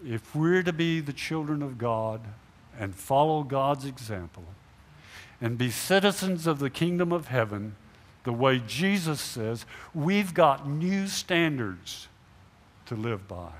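Speaking slowly and with animation in a mid-range voice, a middle-aged male pastor delivers a sermon in a church sanctuary. He questions the congregation and plays out imagined conversations, all wrapped in the hall's long reverb.

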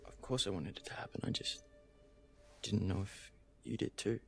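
An actor playing an earnest young camp counselor confessing his feelings, halting and hesitant, in a video game. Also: low voice, expressive, vocal fry, fairly bright tone, soft background music, full character voice.

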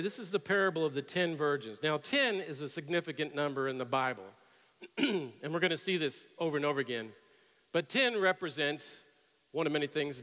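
A middle-aged male pastor preaching a sermon, telling stories and rising to loud, emphatic peaks. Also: on the high side. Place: church sanctuary with long reverb. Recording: reverberant church hall.

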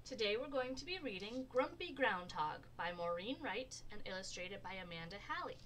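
A woman librarian reading a rhyming picture book aloud for storytime, slow and expressive. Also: medium pitch, slight background noise, poor audio. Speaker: children's librarian.

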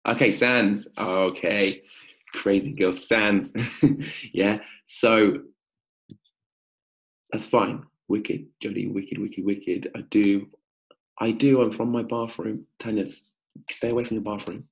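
A man hosting a live-stream coaching pitch, energetic and upbeat, calling out viewers by name. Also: slow pace, pauses often.

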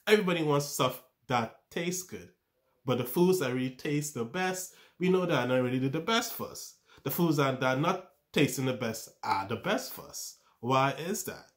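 A man's voice: medium pitch, animated, moderate pace. A man giving a self-improvement talk, coaching with rhetorical questions and often stumbling and restarting his words. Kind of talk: motivational talk to camera.

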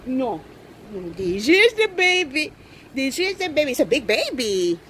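A woman records an unboxing vlog at home and gushes with excitement. Her voice sits high and swoops widely in pitch. She talks at an unhurried pace. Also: noisy background. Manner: gushing, excited, coos over the doll. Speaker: reborn doll collector vlogger. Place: indoors at home.

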